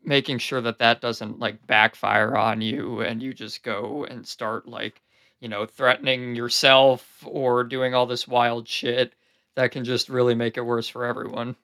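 A man's voice: medium pitch, level tone, measured pace, pushed and bright, dry recording, clean studio sound. A man hosting a podcast, talking in a loose, reflective way with lots of "like" and "you know". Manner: rambling and reflective, many "like" and "you know" fillers. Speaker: podcast host. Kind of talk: casual podcast conversation.

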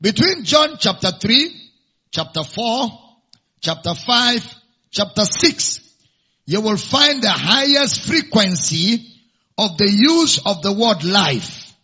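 A man's voice: high voice, very animated, slow pace, bright, forceful tone, breathy edge. A male pastor teaching a sermon, repeating each verse reference and key phrase and urging listeners to pay attention. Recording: dull lo-fi sound.

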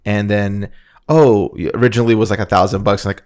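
Man, podcast host, casual chat, blunt and cussing, fairly low voice, plays out both sides of talks. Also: brisk, darkish tone. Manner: blunt, profane, acts out both sides of conversations.

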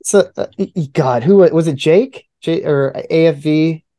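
A man with a dark, mellow voice co-hosts a casual podcast. His banter is excitable and full of swearing. He keeps tossing in "dude" and "bro.". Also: fairly high pitch, normal speed. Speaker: podcast co-host.

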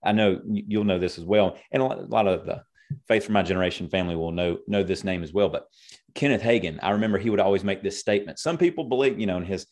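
A man's voice: sits low, fast, darkish tone. A man who pastors a church, talking faith in an earnest, preaching way and quoting scripture in conversation. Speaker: pastor and co-host. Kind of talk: conversational ministry talk.

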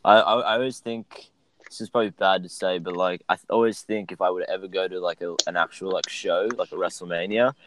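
A man appearing as a podcast guest, rambling bluntly with halting restarts. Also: low voice, fairly even intonation, background noise. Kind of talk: casual chat.

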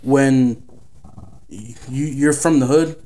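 A man's voice: mid-range voice, takes it slowly, mellow. A man co-hosting a podcast in casual chat, using laid-back slang and swearing.

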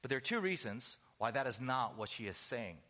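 A man preaching a sermon, emphatic, with rhetorical questions, conversational asides and slowed stressed phrases. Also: medium pitch, very animated, sharp tone.

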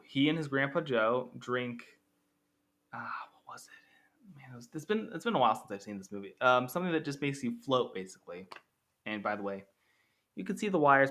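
A young man with a mid-range, slightly bright voice casually compares two films. As a film reviewer giving loose spoken commentary, he rambles, corrects himself and throws in jokey asides.

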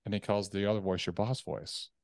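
A man with a low voice talks as a guest on a podcast, recorded close and dry. He tells animated stories about his own habits. He often acts out the inner voices in his head. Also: a little fast, no room sound. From United States. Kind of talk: casual interview chat.

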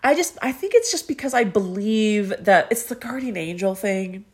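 A woman co-hosting a casual podcast tells a story with lots of energy. She swears without a second thought and keeps jumping into the voices of the people she describes. Her voice sits at an ordinary middle pitch for a woman. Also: normal speed, breathy edge. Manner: animated, swears freely, acts out quoted characters. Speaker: podcast co-host. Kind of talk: casual chat retelling a story.

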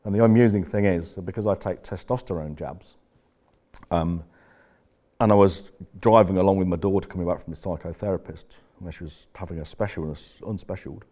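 An older man with a lowish voice tells loose, rambling stories in a podcast chat. He jokes around, swears freely and keeps drifting off the point before he gets back to business. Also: a little fast, mellow. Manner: rambling, profane, jokey storyteller. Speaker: podcast host. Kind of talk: casual chat.

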